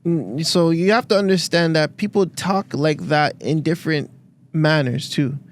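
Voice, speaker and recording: A man's voice: on the high side, moderate pace. A man with a Toronto accent on a podcast, chiming in to back up points and adding his own. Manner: agreeable, interjects with backing remarks. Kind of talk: podcast debate.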